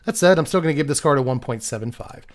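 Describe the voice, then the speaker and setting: A young man casually reviewing game cards one after another, thinking aloud and handing out quick number ratings. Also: mid-range voice, expressive.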